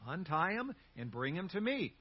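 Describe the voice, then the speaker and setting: A man preaching a sermon as pastor, telling a story in an animated way with humorous asides. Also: sits high, moderate pace, husky, muffled recording.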